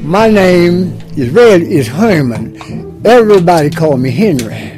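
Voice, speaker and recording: An older man who runs a juke joint, telling his story in a halting, rambling interview. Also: sits high, animated, darkish tone, soft background music.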